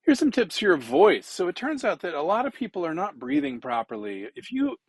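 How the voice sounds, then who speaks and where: A man's voice: high-pitched, huge pitch swings, brisk, slightly rough, dry recording, rough recording. A man teaching public speaking in a conversational lecture, demonstrating as he goes and using many fillers. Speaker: instructor.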